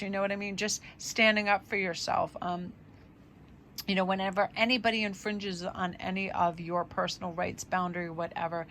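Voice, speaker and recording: A woman's voice: medium pitch, flat delivery, a little fast, a bit bright, slight background noise. A woman doing a casual tarot vlog, chatty and upbeat, rambling with fillers through affirmations, her voice a little tired. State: voice tiring. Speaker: tarot reader.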